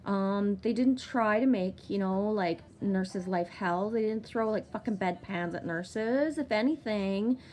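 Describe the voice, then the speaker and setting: In a chatty vlog monologue, this thirtysomething woman unspools a lengthy personal tale, cursing openly and filling gaps with fillers. She talks unhurriedly with few pauses in a mid-range, slightly mellow voice. A little hiss or hum can be heard.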